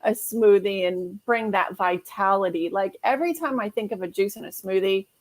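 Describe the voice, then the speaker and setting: A woman's voice: medium pitch, normal speed. A woman guest, an herbalist, chatting casually and acting out the people in her stories. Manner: storytelling, acts out quotes. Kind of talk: casual chat.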